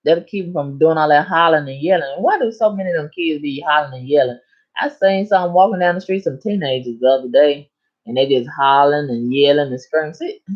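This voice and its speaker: A woman hosting a live stream in casual chat, reading viewer comments aloud and answering them in a sassy, animated way with big swings in pitch. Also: muffled recording.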